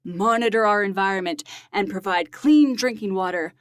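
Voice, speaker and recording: A woman putting on a slow, dramatic movie trailer announcer voice for a podcast co-host bit. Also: no echo, clean studio sound, close to an everyday voice. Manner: slow, booming trailer delivery.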